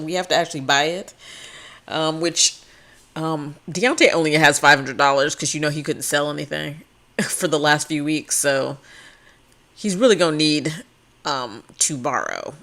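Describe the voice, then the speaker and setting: A woman's voice: low-pitched, fairly bright tone. A woman giving casual, rambling commentary on a life-sim game and giggling often. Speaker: let's play host.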